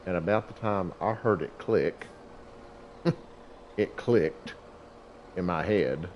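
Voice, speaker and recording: Deep-voiced man telling a folksy story. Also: slow, lo-fi sound, slight background noise. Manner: chuckles often, self-deprecating and rambling. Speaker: gaming channel host. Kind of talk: casual storytelling over gameplay.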